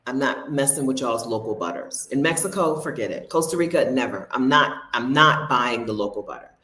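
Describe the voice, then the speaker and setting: A woman with a drawl and a low voice chats to her viewers from home, her tone bouncing up and down a lot. She laughs often and talks in a casual, rambling way. The sound carries a noticeable room echo. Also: lively intonation, fairly quick, bright, forceful tone. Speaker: host. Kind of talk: casual livestream chat. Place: home near her refrigerator.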